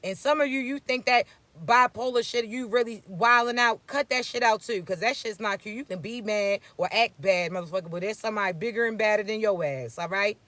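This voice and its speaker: A man with a high, pushed, bright voice speaks fairly quickly in a dry recording, hosting a spiritual reading. His motivational spiritual message is blunt and profane, scolding listeners in streetwise slang.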